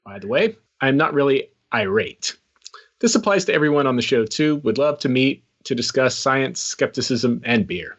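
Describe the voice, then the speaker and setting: A man's voice: medium pitch, animated, normal speed, a bit bright. A man co-hosting a podcast, reading a listener email in a hesitant, wry, casual way. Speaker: podcast co-host. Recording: dull, lo-fi.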